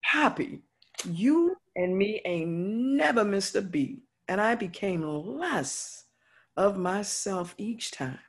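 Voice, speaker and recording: A remorseful, motherly friend, voiced by a woman with a husky voice. She speaks slowly and earnestly, laying out her regrets with heartfelt weight. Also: medium pitch, expressive, full character voice. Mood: confessing, earnest. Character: remorseful older woman friend confessing a wrong. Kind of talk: stage play acting.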